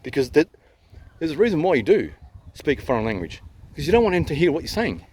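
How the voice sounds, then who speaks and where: Ranting Australian man with a lively voice. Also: on the high side, fast talker. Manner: agitated, swearing, repeats himself, jumps between loud and hushed. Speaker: vlogger. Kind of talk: ranting vlog to camera. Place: outdoors near a town. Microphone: handheld camera at arm's length.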